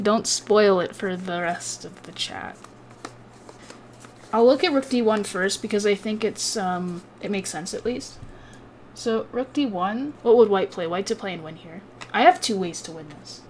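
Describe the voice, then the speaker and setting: A woman's voice: mid-range voice, a little hiss or hum. A woman with a Southern American accent, a chess streamer casually analyzing a game, chatty and swearing freely.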